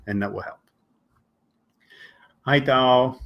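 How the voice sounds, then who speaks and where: A man with a slightly husky voice teaches English live to viewers online, with a middle-pitched tone. He talks patiently, sometimes slowing down on purpose to show a point, and acts out little exchanges to make it clear. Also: fairly bright tone, lo-fi sound. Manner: patient, explains slowly with spoken examples and acted-out dialogues. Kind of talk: live-stream teaching talk.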